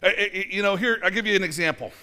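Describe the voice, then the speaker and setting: A pastor in his forties preaches a casual, conversational sermon in a church, speaking fast in a high, pushed, bright voice with a clear, resonant tone. He's chatty, full of fillers and restarts, and adds dry self-mocking asides.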